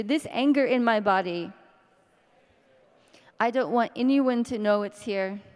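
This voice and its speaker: A woman leading a guided tapping session, speaking slow scripted affirmations between deep sighs and breaths. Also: darkish tone. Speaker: EFT tapping practitioner. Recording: long reverb in a hall.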